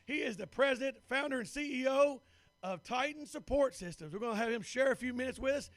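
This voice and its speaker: A hoarse man with a high voice hosts a live event interview, upbeat and eager. The sound is close and dry. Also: animated, brisk, fairly bright tone, no echo. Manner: upbeat, eager, keeps affirming with "absolutely". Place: at a live powerlifting meet.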